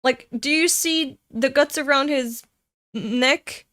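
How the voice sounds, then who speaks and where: Giggly woman from Europe, high voice, unhurried comic reaction host. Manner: excitable, bursts into giggling fits. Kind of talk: casual reaction commentary.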